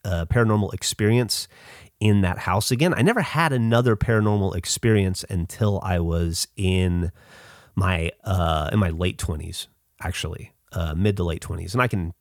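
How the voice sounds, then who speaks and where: Deep-voiced man telling a story, halting. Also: dry recording, clean studio sound. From Southern United States. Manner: halting, many fillers and restarts, swears freely. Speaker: podcast host. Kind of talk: casual storytelling monologue.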